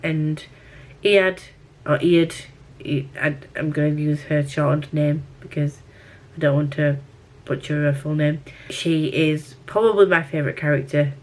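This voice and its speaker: A woman's voice: sits low, steady tone, a little mellow. Chatty woman book vlogger. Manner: chatty and rambling, quick asides. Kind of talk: casual weekly reading vlog.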